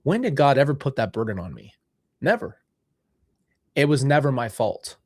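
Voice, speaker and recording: A young man sits indoors and talks about faith in a heartfelt, meandering way, restarting his sentences as he works through his thoughts. His voice sits in an ordinary middle pitch. The sound is dry and close, with no room echo. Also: sing-song, normal speed, darkish tone. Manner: earnest, rambling, self-correcting. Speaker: podcast host. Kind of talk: reflective faith talk. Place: seated indoors.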